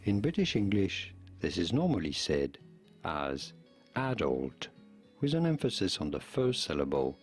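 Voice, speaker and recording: A man explaining pronunciation slowly in a scripted lesson clip. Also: sits low. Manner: slow and explanatory.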